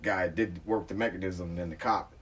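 A man telling a long story in casual chat, profane and animated, loudly acting out the other people in it. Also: low-pitched, brisk, slightly rough, distant mic.

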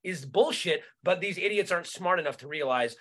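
High-voiced man in a profane rant. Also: animated, a little fast, sharp tone. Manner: profane, repeats words while searching for them, restarts often. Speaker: comedian podcast co-host. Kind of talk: casual political rant.

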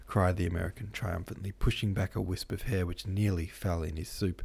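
A man reading a novel aloud as host, in steady, measured narration. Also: low-pitched, gravelly, husky. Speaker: host and audiobook reader. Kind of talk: scripted narration.

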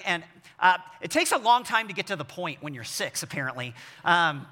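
Pastor, man in his forties, bright forceful voice, self-deprecating storyteller, long hall reverb. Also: high-pitched, big pitch swings, normal speed. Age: 40s. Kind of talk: sermon. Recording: long echo of a large hall.

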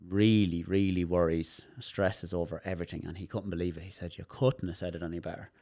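Low-voiced Irish man explaining animatedly. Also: a little fast, dry recording, studio quality. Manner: animated, demonstrative, repeats words while explaining. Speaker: therapist, guest. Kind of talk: casual interview chat.

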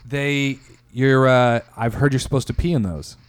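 A man's voice: mid-range voice, fairly even intonation, moderate pace, background noise. A man co-hosting a casual comedy chat, laid-back, laughing often and playing along with the jokes.

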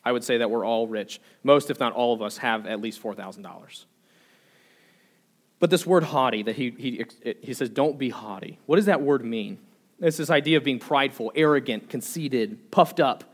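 A young adult man preaching from the pulpit, earnest and direct. He leans on repeated rhetorical questions and often trips and restarts mid-phrase. His voice sits at an ordinary middle pitch. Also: normal speed. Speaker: pastor. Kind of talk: sermon.

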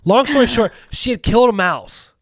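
A man's voice: extremely high pitch, lively intonation, a little fast, no echo, studio quality. A man telling a long rambling anecdote in casual podcast chat, full of asides and restarts. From rural US.

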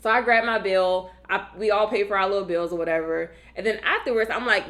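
A woman co-hosting a casual podcast and telling a story. She plays out each line of dialogue and swings up sharply in pitch for the quotes. Her voice sits at a middle pitch and has a relaxed, chatty flow. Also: brisk. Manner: animated, acts out quotes with big pitch jumps. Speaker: podcast co-host.

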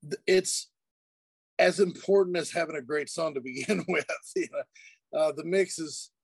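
Chatty man, a bit high, dry sound. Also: unhurried, vocal fry, slightly rough, no echo. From United States. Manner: relaxed, chatty, laughs easily, many fillers and restarts. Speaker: guest music producer and mix engineer. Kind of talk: casual interview chat. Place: studio.

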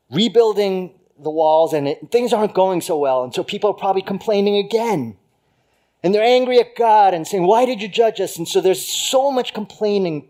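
A male pastor giving a conversational sermon, swinging from loud emphasis to hushed lines. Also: a little high.

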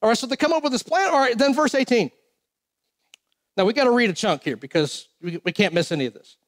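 High-voiced male preacher, reads scripture, easygoing and jokey between verses. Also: animated, normal speed. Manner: casual, joking asides between King James readings. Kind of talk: sermon with scripture reading.

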